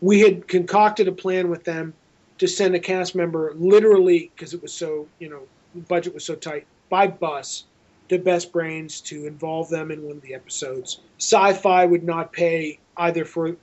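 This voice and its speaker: Man spinning a lively anecdote, dull audio. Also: on the high side, moderate pace. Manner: lively storyteller who acts out both sides of dialogues, with frequent restarts. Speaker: film director, podcast guest. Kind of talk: storytelling anecdote in an interview. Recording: dull lo-fi sound.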